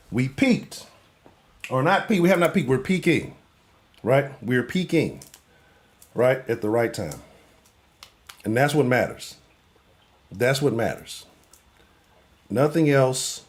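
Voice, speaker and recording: A man hosting a live sports talk show, brash, joking and profane. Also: medium pitch.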